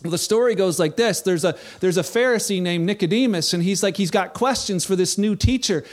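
Man, pastor, sermon, high-pitched, casual animated storytelling. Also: fairly quick. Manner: animated storytelling, acts out quoted voices.

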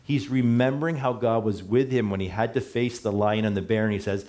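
Conversational pastor with a lowish voice. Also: male voice, fairly even intonation, brisk, a little mellow. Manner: conversational, self-correcting, chuckles at slips. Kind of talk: sermon.

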